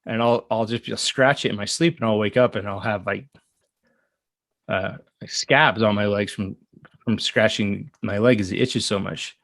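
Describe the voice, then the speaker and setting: A man's voice: fairly low pitch, fairly even intonation, gravelly, a bit bright, no room sound. Earnest man telling a story, dry sound. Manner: earnest, halting with fillers and restarts. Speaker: guest. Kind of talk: casual storytelling.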